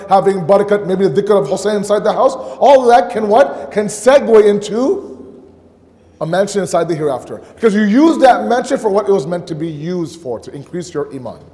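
High-voiced man preaching in a reverberant hall. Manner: animated storyteller, acts out dialogue, asks rhetorical questions. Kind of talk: sermon with storytelling. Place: mosque.

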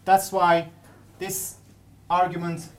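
Halting woman presenting a research paper. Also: lowish voice, little pitch movement. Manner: halting, many restarts and fillers. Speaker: academic presenter.

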